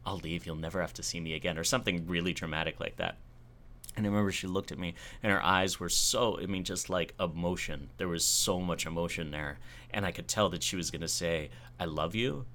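Deep-voiced man telling a personal story. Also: brisk. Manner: self-deprecating, animated retelling with laughs. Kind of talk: casual conversation, personal storytelling.

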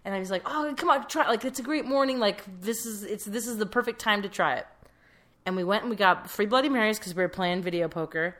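A young woman co-hosts a podcast in easy, casual conversation. She tells stories with plenty of filler words in a mid-pitched voice. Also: fast talker, fairly bright tone. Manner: chatty storyteller, frequent "like" fillers. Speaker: podcast co-host. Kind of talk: casual chat.

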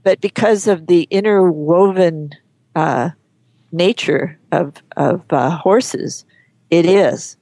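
A woman guest on an interview show, talking frankly and chattily, often pausing and restarting her sentences. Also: on the low side, vocal fry, dark tone, no echo. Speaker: guest, horse photographer. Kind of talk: casual interview chat.

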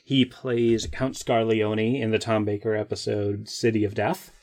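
A man's voice: lowish voice, little pitch movement, a little slow, a little mellow, slight background noise. A man co-hosting a casual film chat, enthusiastically listing an actor's many roles. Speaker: podcast co-host.

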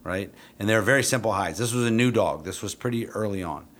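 A middle-aged man who trains police dogs, telling a story in a blunt, profane, casual way and jumping into animated quotes of himself. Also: lowish voice, a little fast.

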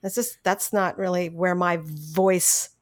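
A middle-aged woman, a voice actress, telling stories from her career in a casual interview, animated, laughing often and restarting her sentences. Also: fairly low pitch, slow. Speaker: voice actress guest.

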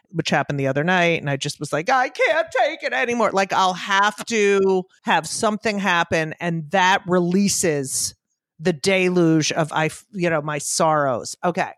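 A woman comedian as a guest, talking in a quick, self-deprecating, comic way. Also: lowish voice, no room sound, studio quality. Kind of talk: interview chat.

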